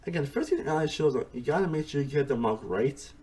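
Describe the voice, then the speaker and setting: Animated rambling man reviewing a show. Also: fairly high pitch, quick pace. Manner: rambling, often repeats "honestly" and "again"; restarts sentences mid-thought. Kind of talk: casual spoken review.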